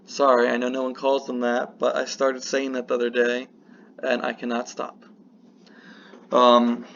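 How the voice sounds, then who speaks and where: A man's voice: medium pitch, gravelly, fairly bright tone. A man giving casual political commentary in a vlog, rambling and breaking off with apologetic asides. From United States. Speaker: political vlogger. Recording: slightly muffled with faint hiss.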